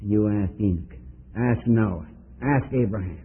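A man preaching a sermon, swinging between loud pleading and low hushed tones as he fires off rhetorical questions. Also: a little slow, husky. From United States. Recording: tinny phone-like archival recording.

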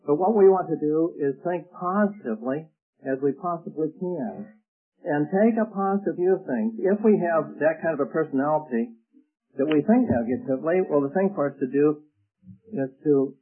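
Guy giving a folksy sermon, little stories, husky voice, sounds like an old tinny tape. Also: on the high side, moderate pace. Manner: folksy, tells anecdotes, frequent restarts. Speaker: preacher.

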